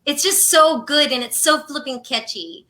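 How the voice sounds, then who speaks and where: Bubbly woman host, bright voice. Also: sits high, normal speed. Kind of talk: casual live-stream chat.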